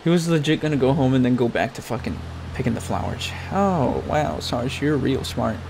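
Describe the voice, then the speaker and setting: Expressive and moderately paced, this medium-pitched man has vocal fry and a darkish tone, with slight noise in the background. He's a gaming YouTuber whose crude Let's Play commentary is full of swearing and scolding directed at his character.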